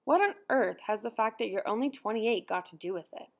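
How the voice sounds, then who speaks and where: A woman's voice: medium pitch, lively intonation, brisk, gravelly. Puzzled, questioning mother in an audiobook as a female narrator voices her. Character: bewildered caring mother of a household. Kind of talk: audiobook dialogue reading.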